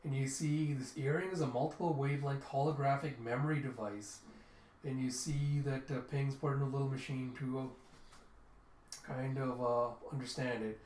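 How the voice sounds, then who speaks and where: A man's voice: mid-range voice, fairly even intonation, normal speed, a little mellow, slight background noise. A man casually retelling a comic book in a chatty, loose way. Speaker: reader. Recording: roomy echo.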